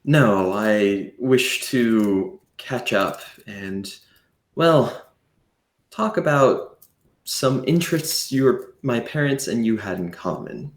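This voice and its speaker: A man playing a reserved young nobleman who speaks in a formal, measured way. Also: lowish voice, expressive. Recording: roomy echo.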